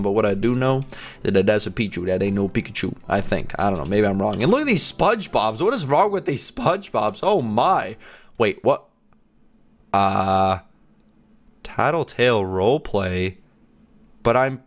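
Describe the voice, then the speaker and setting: Young male gamer host, playful, quick pitch jumps, light music bed behind him. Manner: playful, excitable, quick jumps in pitch, mock voices of friends. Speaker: gaming YouTuber. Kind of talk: playing a game while commenting. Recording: faint background music.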